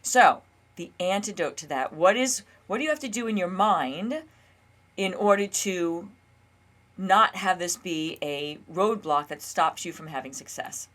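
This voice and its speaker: A woman in her fifties hosts her own health and weight loss show with a slightly low voice. She talks casually and earnestly to her viewers, coaching them. Now and then she acts out her own inner dialogue. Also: a little slow, fairly bright tone. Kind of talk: casual solo talk to camera.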